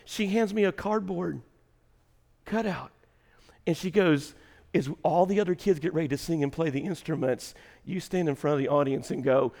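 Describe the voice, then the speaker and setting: A man preaching a sermon as pastor, moving between hushed storytelling and shouted emphasis in a large auditorium. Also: on the high side, moderate pace, vocal fry, in a large hall.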